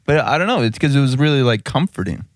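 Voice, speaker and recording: A man's voice: medium pitch, sing-song, fast, no room sound. A man co-hosting a podcast in casual chat, laid-back with short replies. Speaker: podcast co-host.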